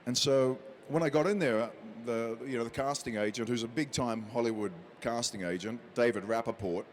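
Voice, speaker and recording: Lively man telling an audition story. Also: medium pitch, normal speed, a little hiss or hum. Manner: lively storyteller who acts out quotes. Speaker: interview guest, actor. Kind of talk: animated anecdote telling.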